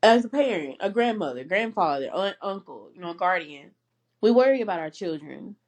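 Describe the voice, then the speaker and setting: A woman's voice: lowish voice, expressive, normal speed, a little mellow. A young woman hosting a personal faith podcast, speaking earnestly and emotionally and laughing between phrases. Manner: emotional, close to tears at times. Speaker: podcast host.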